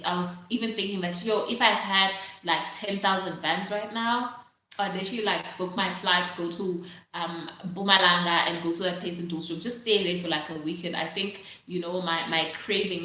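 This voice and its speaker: A young woman with a South African accent chats casually to her livestream viewers, reading their comments aloud. Her voice is bright and forward, and her talk is full of "like" and "literally". The room around her rings with strong echo. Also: lowish voice. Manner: chatty, many fillers like "like" and "literally", reads out viewer comments. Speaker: livestream host. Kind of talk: casual live-stream chat. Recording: very echoey room.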